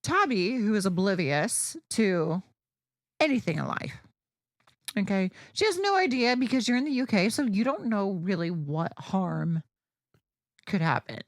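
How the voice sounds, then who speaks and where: A woman's voice: medium pitch, sing-song, unhurried, no room sound, clean studio sound. A woman co-hosting a podcast, telling a story in casual chat, blunt and profane. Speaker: podcast co-host.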